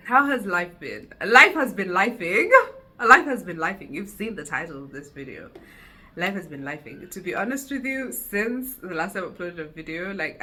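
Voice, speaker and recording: Lively bright-voiced woman vlogging. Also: on the low side. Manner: giggly, animated, self-teasing. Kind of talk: casual solo vlog chat. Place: seated indoors at home. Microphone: camera mic, no lapel.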